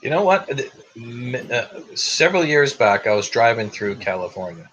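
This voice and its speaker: A man's voice: medium pitch, very animated, normal speed, lo-fi sound, noisy background. A man in his fifties with a Canadian accent, a guest telling chatty stories in casual conversation. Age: 50s. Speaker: guest, tour bus driver. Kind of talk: casual chat.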